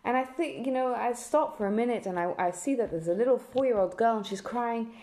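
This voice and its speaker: Woman giving a lesson, kinda high voice, earnest, lots of restarts. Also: brisk, mellow. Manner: earnest, storytelling with many restarts. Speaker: teacher. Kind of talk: spoken lesson on a text.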